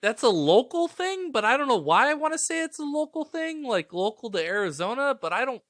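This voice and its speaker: A man bantering on a podcast, dropping wry, deadpan quips. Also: very high voice, brisk, dry recording, clean studio sound. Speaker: podcast co-host.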